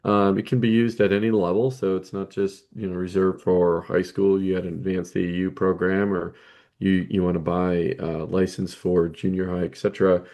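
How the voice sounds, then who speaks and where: A man's voice: sits low, flat delivery, normal speed, dark tone. A man co-hosting a coaching podcast, chatting casually with frequent "you know" and "right" fillers.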